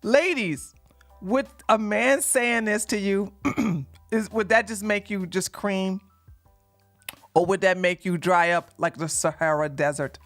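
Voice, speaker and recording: A woman streamer giving live reaction commentary, mocking what she watches and often laughing and breaking into shouts. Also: mid-range voice, takes it slowly, faint music behind.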